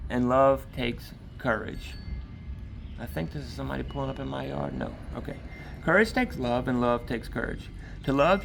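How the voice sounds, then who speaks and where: A man's voice: mid-range voice, vocal fry, a bit bright, slight background noise. A man preaching an informal sermon outdoors, talking in a loose, conversational way with frequent asides. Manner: conversational, rambling, frequent "all right". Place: outdoors in a yard.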